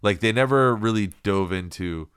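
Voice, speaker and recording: A man's voice: lowish voice, moderate pace, fairly bright tone, clear, resonant tone, no echo, clean studio sound. A man in his thirties co-hosting a podcast, chatting casually and jokingly with lots of fillers. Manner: joking, rambling with many fillers. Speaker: podcast co-host. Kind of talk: casual chat.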